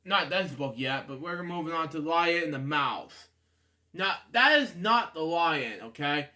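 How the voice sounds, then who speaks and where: Man storyteller, bright tone, rambling, stumbling reads. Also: a little high, lively intonation, unhurried. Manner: rambling, stumbles and restarts often. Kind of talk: reading a storybook aloud with rambling asides.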